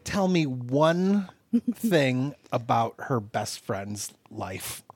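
A man's voice: mid-range voice, big pitch swings, drawn-out words, darkish tone, slightly rough. A man co-hosting a casual movie review chat, playful and laughing often. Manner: playful, laughs often, jokey mock-British voices. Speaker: podcast co-host.

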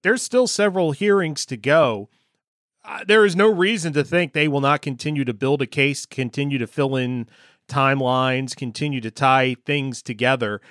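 A man's voice: medium pitch, normal speed, fairly bright tone, no room sound. A man hosts a political interview, putting direct questions in a conversational tone. His mid-range voice sounds close and dry, with no room around it. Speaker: host.

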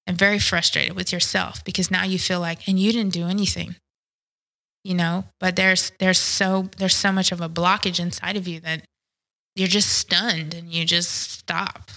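A woman in an interview, speaking candidly and reflectively about her past, often pausing and restarting her sentences. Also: on the low side, bright, forceful tone, poor audio. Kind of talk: personal testimony interview.

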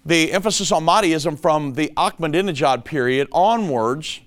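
A man's voice: fairly high pitch, moderate pace, a bit bright. A man hosting a prophecy commentary show, talking emphatically and calling his listeners folks. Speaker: show host.

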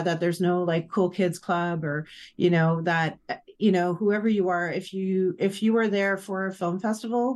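Friendly woman with a lower voice. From Canada. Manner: friendly, many fillers and restarts. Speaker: festival programmer guest. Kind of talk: casual podcast chat.

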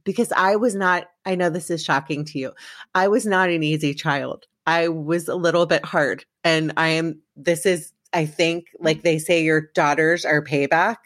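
A woman's voice: low voice, steady tone, moderate pace, fairly bright tone, no room sound, clean studio sound. A woman hosting a podcast, chatting casually and rambling with restarts. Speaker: podcast host. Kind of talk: casual chat.

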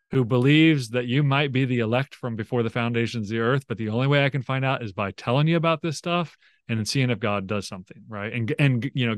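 A man's voice: mid-range voice, no room sound, studio quality. A man as a guest on a podcast interview, talking casually and acting out the voices of the people he quotes, with many fillers. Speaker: biblical scholar guest.

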